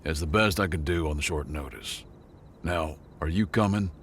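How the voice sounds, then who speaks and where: A man's voice: rumbling low, normal speed, fairly bright tone, slight background noise. A man doing an exasperated alien smuggler boss.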